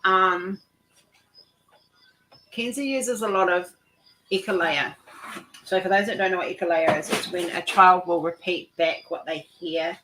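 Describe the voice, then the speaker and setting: A woman's voice: on the low side, flat delivery, normal speed, pushed and bright, a little hiss or hum, poor audio. A woman hosting a casual chat while she works on a craft, talking in a rambling way with many restarts, nauseous. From New Zealand. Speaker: host of a craft chat stream.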